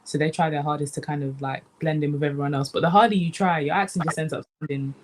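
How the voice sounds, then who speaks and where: A young woman from the UK, a comedian chatting casually in an interview, animated and relaxed, often saying "man". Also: deep voice, fast, a little hiss or hum. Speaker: comedian guest.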